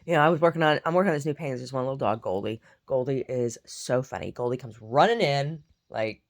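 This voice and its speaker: Low, gravelly woman chatting loosely. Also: animated, fast talker, hardly any pauses. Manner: rambling, repeats herself, chatty. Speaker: painter vlogging her day. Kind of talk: casual chat.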